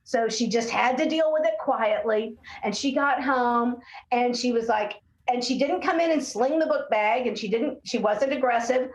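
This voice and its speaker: A woman with a fairly high voice tells stories in a relaxed interview, slipping into the voices of children and parents she quotes. The room around her is echoey. She talks as a speech-language pathologist explaining things to a host. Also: moderate pace. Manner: animated storyteller, acts out quotes of kids and parents. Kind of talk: casual interview conversation.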